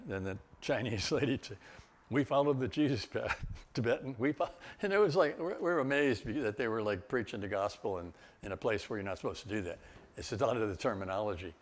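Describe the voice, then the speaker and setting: An older man, a guest speaker, telling travel stories in a loose, rambling way with chuckles and restarts. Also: on the low side. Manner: rambling, with laughs and many restarts. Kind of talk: storytelling talk.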